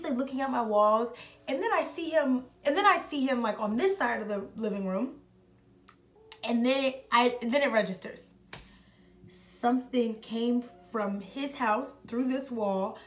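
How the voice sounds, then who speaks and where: A young woman vlogger telling a story in a rambling, casual way, full of filler words. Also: a little high. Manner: rambling, heavy use of filler "like".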